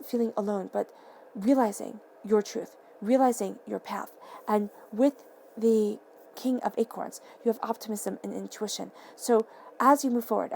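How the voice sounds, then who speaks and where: A woman giving a tarot reading to camera, earnest and excitable, repeating affirming phrases and sometimes tripping over her words. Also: fairly high pitch, gravelly, a little hiss or hum. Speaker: tarot reader. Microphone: camera mic.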